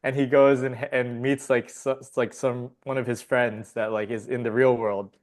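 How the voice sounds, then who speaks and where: A man's voice: medium pitch, little pitch movement, moderate pace. A man telling a story as a podcast guest, rambling casually, laughing often and swearing freely.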